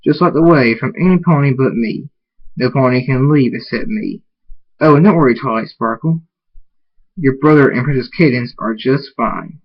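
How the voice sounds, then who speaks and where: A man reading the lines of a scheming male pony king villain in his own voice, slow and taunting. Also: mid-range voice, slight background noise, close to an everyday voice. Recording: muffled lo-fi recording.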